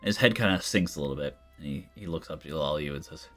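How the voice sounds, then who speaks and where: A man's voice: very deep voice, quick pace, few pauses, a bit bright. A man running a tabletop game as game master, narrating loosely with lots of fillers. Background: faint background music.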